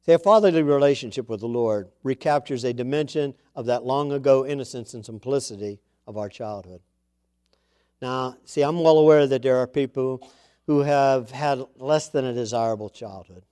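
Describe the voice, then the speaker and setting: A man's voice: medium pitch, moderate pace, mellow, clean tone. A man preaching a sermon to his congregation in a conversational way, with chatty asides and emphatic repeats of key words. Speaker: pastor.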